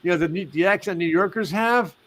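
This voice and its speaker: A man's voice: high voice, a little fast, fairly bright tone, slight background noise. A man hosting a casual live stream, rambling with many fillers and restarts. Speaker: host.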